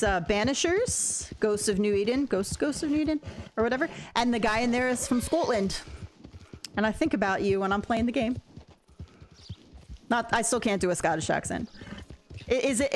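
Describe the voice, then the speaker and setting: Chatting with her viewers while she plays, a woman streamer rambles from idea to idea, her pitch bouncing animatedly and laughter coming easily. There's a slight hiss or hum on the recording.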